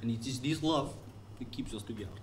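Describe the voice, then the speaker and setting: An actor playing a poor village husband with a thick, put-on foreign accent and stilted, melodramatic delivery. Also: male voice, mid-range voice, fast talker, slight background noise, close to an everyday voice. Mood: earnest, melodramatic.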